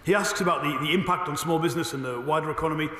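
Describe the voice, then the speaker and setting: A man, a government minister, answering questions in a parliamentary debate with a brisk, assured delivery and a slightly hoarse voice. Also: a little high, bright, forceful tone. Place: debating chamber. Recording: echoey chamber with long reverb.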